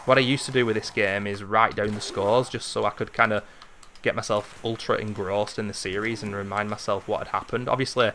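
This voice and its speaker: A man in his thirties giving casual play-by-play of a retro hockey video game, chatty and wandering, jumping into excited calls. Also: lowish voice, fairly quick, a little hiss or hum. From Britain. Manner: chatty, drifts into memories, rises into excited calls at goals. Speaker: gaming video host.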